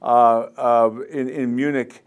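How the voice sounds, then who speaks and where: A man in his seventies, a singer telling stories in a casual interview, rambling and animated, mimicking crowd chants. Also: mid-range voice, takes it slowly, clear, resonant tone. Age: 70s.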